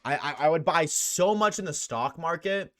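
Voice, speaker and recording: A young man chats loosely with his viewers during a live stream. His voice sits a bit high for a man, and he talks in slang, swearing freely as he goes. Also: lively intonation, normal speed, a bit bright. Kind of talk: casual live-stream chat.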